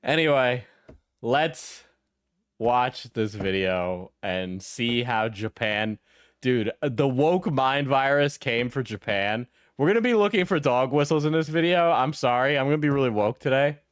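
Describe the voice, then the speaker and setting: A man's voice: mid-range voice, expressive, a little slow, clear, resonant tone, no room sound, studio quality. A young man streaming a reaction video, laughing often, swearing and repeating himself as he gives blunt opinions. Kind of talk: casual reaction commentary.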